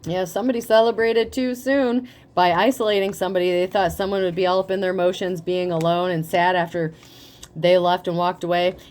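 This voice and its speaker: A woman giving a casual tarot reading, talking in a profane, animated way and laughing often. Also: on the low side, brisk, a little hiss or hum. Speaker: tarot reader.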